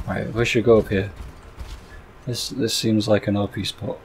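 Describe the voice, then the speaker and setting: A man giving casual gameplay commentary as a gaming YouTuber, excitable and sweary, with sudden loud outbursts. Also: fairly low pitch, moderate pace, pauses often, a little hiss or hum.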